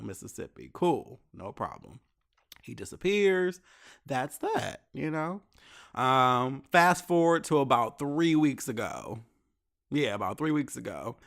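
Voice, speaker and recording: Animated man telling a candid story. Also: mid-range voice. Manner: candid, profane, animated retelling with quoted dialogue. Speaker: podcast host. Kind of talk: casual storytelling monologue.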